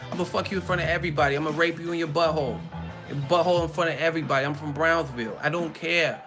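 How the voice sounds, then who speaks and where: A man's voice: a little high, fairly even intonation, rapid-fire, music in the background, natural voice. A man doing an impression of a brash, rambling retired heavyweight boxer with a blunt, crude manner.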